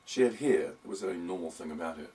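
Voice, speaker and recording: A man's voice: low voice, animated, fast talker, dark tone. A man narrating a whimsical storybook in a wry, playful tone. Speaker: audiobook reader. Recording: voice distant from the mic.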